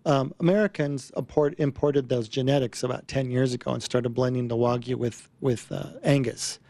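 A man's voice: mid-range voice, fairly even intonation, normal speed, mellow. A man as a guest on a radio talk show, explaining his meat products in a conversational way. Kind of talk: radio interview.

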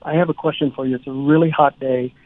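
A man who writes children's books, telling a story from a school visit in a relaxed way, with many fillers. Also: medium pitch, fast talker, dry recording. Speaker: children's author. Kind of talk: storytelling in a radio interview. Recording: dry tinny phone line.

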